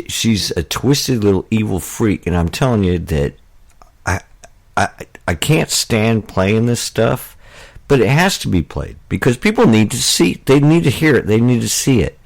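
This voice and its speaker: An American man hosts a political talk radio show, rambling indignantly with lots of fillers and restarts. His voice is deep and somewhat dark in tone.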